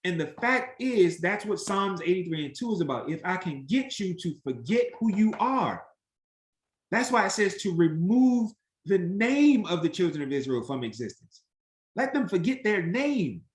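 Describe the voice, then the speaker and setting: A man teaching an interactive Bible study, animated and emphatic, acting out the voices he quotes. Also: high-pitched, normal speed, echoey room.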